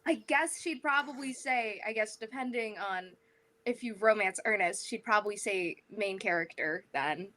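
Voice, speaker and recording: A woman's voice: mid-range voice, normal speed, pushed and bright. Giggly woman voice actor. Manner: giggly, bubbly. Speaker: voice actor on a panel. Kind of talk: convention panel Q&A.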